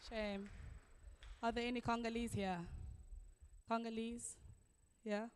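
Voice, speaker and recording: A woman's voice: on the high side, flat delivery, slow pace, clear, resonant tone. Woman host in an echoey hall. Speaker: event host. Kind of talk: live event hosting.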